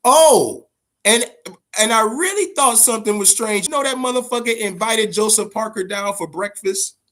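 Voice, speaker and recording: A man with a high voice hosts a boxing talk show. He rambles, swears often and tells his stories with a lot of energy. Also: normal speed. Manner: profane, rambling, animated. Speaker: host.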